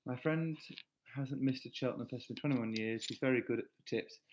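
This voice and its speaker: A man's voice: medium pitch, a little fast, noisy background. Chatty man streaming. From England. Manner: chatty, jokey, reads comments aloud. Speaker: streamer reading chat. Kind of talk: casual live-stream chat.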